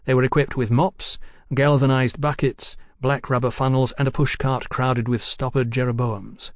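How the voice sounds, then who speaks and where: A male audiobook narrator reading in a measured, even storytelling cadence at a middle pitch. The recording is close and dry, with no room sound. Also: no room sound. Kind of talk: scripted narration.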